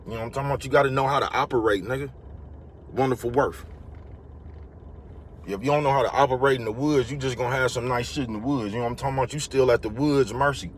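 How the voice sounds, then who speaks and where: A man's voice: medium pitch, fast talker, slight background noise. A man vlogging a casual motivational monologue, rambling and slangy, and he keeps repeating his catchphrases.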